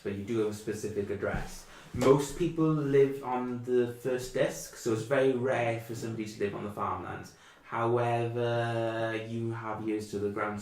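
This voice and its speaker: A low-voiced man running a tabletop game who narrates in a loose, rambling way full of fillers. His voice rings in an echoey room, which gives the sound a casual, homemade feel. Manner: rambling, filler-heavy, easygoing. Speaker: game master.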